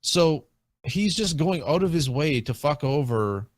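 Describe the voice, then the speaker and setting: A man's voice: a little high, animated, measured pace, no echo. A man in a casual discussion, talking at length with many fillers and restarts. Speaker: guest in a video game discussion. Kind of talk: casual chat.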